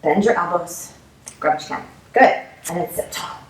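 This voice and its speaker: A woman's voice: on the low side, normal speed, roomy sound. Playful woman leading kids' yoga. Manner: playful, animal sound effects. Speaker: yoga teacher. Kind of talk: upbeat kids' yoga class.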